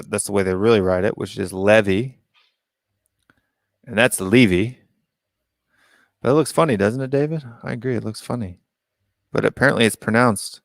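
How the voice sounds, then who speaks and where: A man's voice: fairly low pitch, vocal fry, no room sound, clean studio sound. An American man hosting a casual live-stream call-in show, reading out viewer comments and musing on them aloud. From United States.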